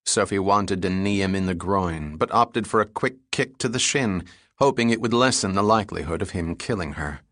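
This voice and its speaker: A man narrating a thriller audiobook chapter in a steady, measured way. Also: deep voice, no room sound, clean studio sound. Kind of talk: scripted narration.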